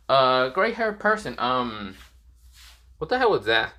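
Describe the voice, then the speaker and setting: A man narrating an improvised fan-fiction tale on the fly. He rambles with fillers and slips, his bright voice swinging widely in pitch. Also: sing-song, normal speed. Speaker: storyteller.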